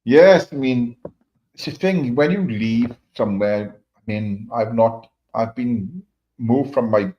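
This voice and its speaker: Speaking slowly in a mid-range, darkish voice, this middle-aged livestream host from Wales rambles through stories with plenty of swearing, his Welsh accent clear in the casual chat. There's slight background noise over the dull lo-fi stream audio.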